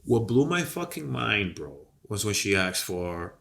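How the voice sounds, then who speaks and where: A man co-hosting a podcast, telling a long story in a rambling, profane, animated way while coming down with a cold. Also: lowish voice, a little slow, gravelly. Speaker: podcast co-host. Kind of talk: casual storytelling chat.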